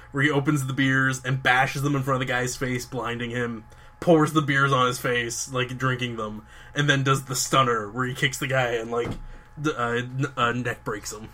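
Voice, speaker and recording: Young male podcast host, crisp bright tone, mid pitch, enthusiastic run-on storyteller. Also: flat delivery, normal speed. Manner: enthusiastic, rambling storytelling with many fillers and restarts. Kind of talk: casual chat.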